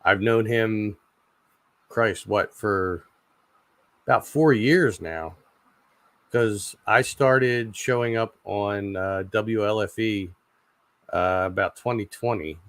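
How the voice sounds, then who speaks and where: A man in his forties hosting a casual livestream chat, rambling and halting with lots of fillers and repeated words. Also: on the low side, a bit bright, no echo. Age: 40s. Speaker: channel host.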